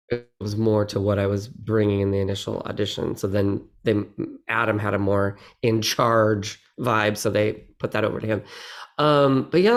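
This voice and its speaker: A man, a guest actor in a casual interview, who talks in an animated, rambling way with many restarts and laughs. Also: medium pitch. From United States.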